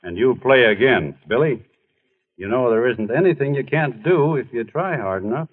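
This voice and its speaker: A man playing an earnest, bashful young ballplayer in 1940s radio acting, his voice husky on a tinny old broadcast. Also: medium pitch, animated, moderate pace. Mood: encouraging.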